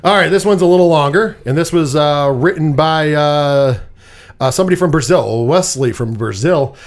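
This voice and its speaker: A man's voice: on the high side, normal speed. A man co-hosting a casual movie review podcast, chatty and rambling, often laughing at his own jokes. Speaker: podcast co-host.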